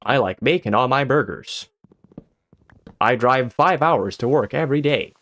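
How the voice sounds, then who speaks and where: A man putting on a bland, stereotypical American everyman with a slow, earnest, mock-proud delivery. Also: mid-range voice, expressive, fairly bright tone.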